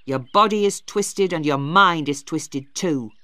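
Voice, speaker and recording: A woman's voice: deep voice, measured pace, no echo. A woman playing a harsh, stern young brother. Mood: angry. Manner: harsh, forceful. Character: stern, angry young man, Maggie's brother.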